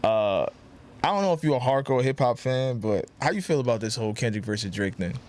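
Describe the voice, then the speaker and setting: Relaxed New York podcast host. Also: male voice, mid-range voice, a little fast. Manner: relaxed, conversational, steering the talk. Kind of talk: casual podcast banter.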